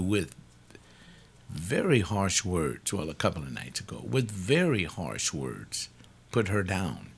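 A man's voice: low voice, gravelly, slightly rough. A man who leads Bible studies, speaking informally in a blunt, emphatic, rambling way. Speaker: Bible study teacher. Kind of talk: informal teaching talk.

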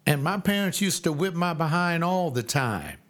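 A man's voice: fairly high pitch, normal speed. Give me an emphatic man in his seventies preaching, repeating lines for emphasis. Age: 70s. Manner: emphatic, repetitive, animated with voices. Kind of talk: sermon.

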